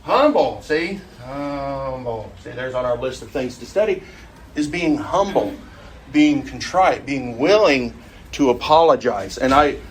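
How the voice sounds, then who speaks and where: A man's voice: mid-range voice, lively intonation, measured pace, slight background noise. A middle-aged man teaching an adult Sunday school class in a conversational way, often putting questions to the group.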